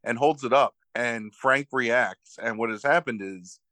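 A man of ordinary pitch with a bright, crisp edge to his voice, heard dry and close with no room around him. He retells a story in loose casual chat, stacking fillers and correcting himself mid-sentence. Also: a little slow, no room sound. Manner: rambling, filler-heavy retelling with frequent self-corrections. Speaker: podcast co-host recapping a movie.

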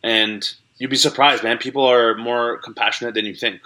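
A young man talks loosely as an interview guest, looping through likes and restarts. His voice is very bright and sharp, and his pitch sits in the middle. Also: fairly even intonation, normal speed. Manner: rambling, many likes and restarts. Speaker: guest, online comedian. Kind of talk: casual interview chat.

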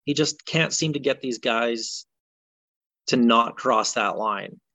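A man's voice: mid-range voice, slow pace, pushed and bright, no room sound. A man co-hosting a podcast, ranting in exasperation about a football game in casual chat. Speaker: podcast co-host.

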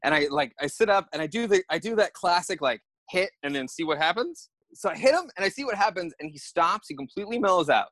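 Man, podcast guest, animated storyteller, somewhat high voice, dry sound. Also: fast talker, few pauses, no room sound. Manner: lively, acts out his own thoughts.

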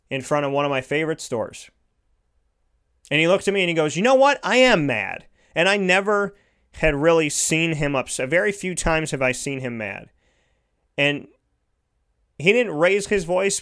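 A man's voice: fairly high pitch, a bit bright. A man giving an earnest, heartfelt motivational monologue, repeating his points for emphasis.

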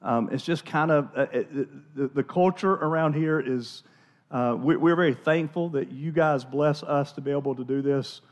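A male pastor preaching in a relaxed, conversational way, stumbling over restarts and repeating words as he goes. His voice sits a little on the high side for a man, and he speaks from a church. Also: normal speed. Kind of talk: sermon.

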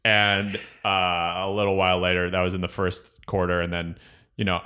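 Young guy, really deep voice, casual podcast chat, swears a lot. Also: normal speed, clean tone. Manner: storytelling, swears freely, animated when retelling.

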